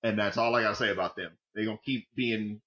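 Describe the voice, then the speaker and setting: A man's voice: on the low side, fairly even intonation, fast, a bit bright. A man co-hosting a football podcast in casual, joking chat, swearing freely and rambling between points. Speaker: podcast co-host, football fan. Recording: dull lo-fi audio.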